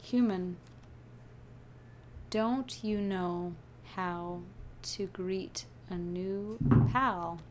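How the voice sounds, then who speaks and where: A woman voicing a lazy, laid-back male skeleton from a video game, dropping her voice lower and talking casually. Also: extremely slow, long pauses, slight background noise.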